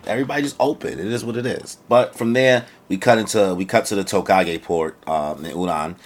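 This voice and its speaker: A man's voice: low voice, a little fast. A young man casually reviewing an anime chapter in a slangy, rambling way, often breaking into quoted voices.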